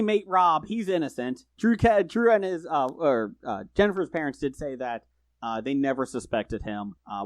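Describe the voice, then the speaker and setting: A man's voice: medium pitch, darkish tone, no echo. A man on a podcast as a guest, talking casually with rambling, self-correcting sentences and joking asides. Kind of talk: casual true-crime chat.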